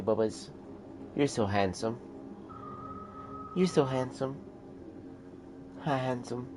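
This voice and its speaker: A console game streamer chats casually off camera at home, his medium-pitched, expressive voice moving slowly with frequent pauses. He drops into baby talk with his cat and swears freely, and the home background is noisy.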